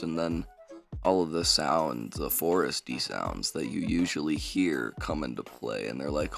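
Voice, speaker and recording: A man's voice: extremely low pitch, expressive, slow, gravelly, soft background music. A man casually retelling a fantasy book, rambling with lots of fillers. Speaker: book summary vlogger.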